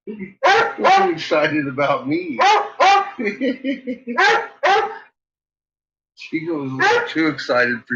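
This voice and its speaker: A man with a headache rambles slowly at home, joking and swearing, his pitch leaping high when he coos at his dogs. The recording is dull and lo-fi, with steady noise behind him. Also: creaky. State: has a headache. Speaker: vlogger talking to his dogs. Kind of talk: casual home vlog.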